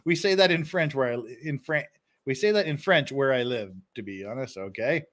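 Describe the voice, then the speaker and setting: A man's voice: medium pitch, animated, brisk, a bit bright. A man hosting a casual live stream, reading phrases aloud and chuckling often.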